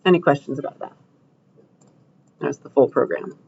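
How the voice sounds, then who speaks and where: A man's voice: on the high side, moderate pace, gravelly, mellow, husky. Casual male lecturer, lo-fi recording. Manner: conversational, checks understanding with frequent "right?" and "okay?". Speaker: computer science lecturer. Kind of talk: classroom lecture with live coding demo.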